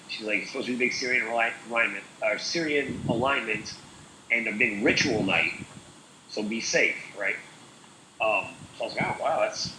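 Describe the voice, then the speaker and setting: A man's voice: lowish voice, background noise. Rambling man in an echoey room. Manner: rambling, full of "like" and "uh". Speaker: co-host. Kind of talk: casual chat.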